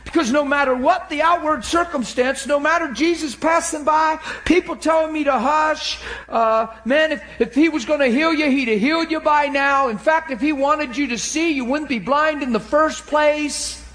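A male preacher delivering an emotional sermon, animated and at times laughing through tears. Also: very high voice, moderate pace, few pauses.

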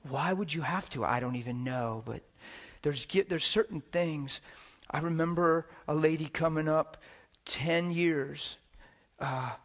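Male preacher, somewhat high voice; animated storyteller who swings between shouts and whispers and laughs through his lines. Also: unhurried. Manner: laughs while talking. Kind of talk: sermon with personal stories.

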